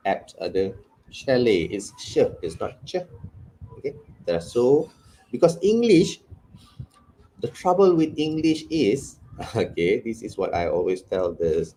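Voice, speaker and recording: A middle-aged man leads an English pronunciation workshop, his fairly low voice leaping up and down in animated emphasis. He drops into Malay asides now and then, and a faint hum sits under the recording. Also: rough recording. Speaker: English communication trainer. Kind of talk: live workshop lecture.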